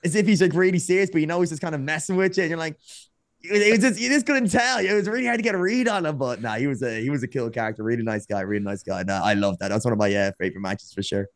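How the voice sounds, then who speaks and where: A man chats on a podcast, his voice sitting a touch high and the sound dry and close. He tells stories in an animated rush, jumping into other people's lines as he goes. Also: very fast, no room sound. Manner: animated, acts out quoted dialogue, frequent restarts. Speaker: podcast guest, former wrestler turned streamer. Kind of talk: casual storytelling chat.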